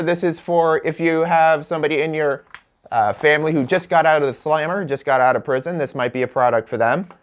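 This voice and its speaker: A man hosting a comedic home-made late-night talk show, joking through product listings and laughing at his own bits. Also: a little high. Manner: jokey, laughs at his own bits, stretches words for emphasis. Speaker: host.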